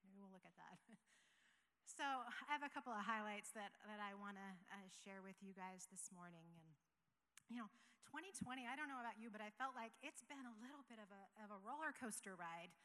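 A woman's voice: mid-range voice, animated, a little fast. Earnest woman pastor in a reverberant hall. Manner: earnest, conversational, with soft laughs. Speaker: operations pastor. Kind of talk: church testimony talk. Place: church sanctuary.

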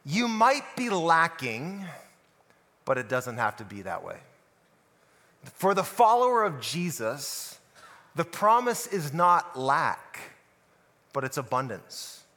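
Bright-voiced pastor preaching in a reverberant hall. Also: male voice, on the high side, big pitch swings, slow pace, long pauses. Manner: storytelling with rhetorical questions to listeners. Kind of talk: sermon podcast.

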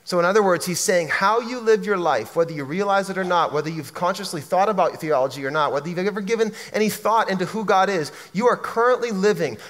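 High-voiced man preaching in a hall. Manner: earnest, emphatic, repeats words when pressing a point. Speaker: pastor. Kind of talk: sermon. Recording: long reverb of a large hall.

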